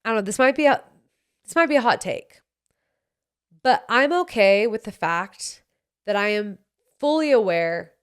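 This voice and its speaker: A woman's voice: medium pitch, fairly bright tone, clean tone. A woman in her late twenties with a Utah accent, hosting a podcast and giving blunt, sassy advice, swearing freely. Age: 20s. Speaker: podcast host. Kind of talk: casual advice chat.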